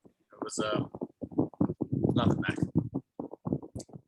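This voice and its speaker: An actor playing a weary, dry adventurer-archaeologist in an amateur radio play, speaking in hushed, mumbled tones. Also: male voice, extremely slow, poor audio. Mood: curt. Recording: loud background noise.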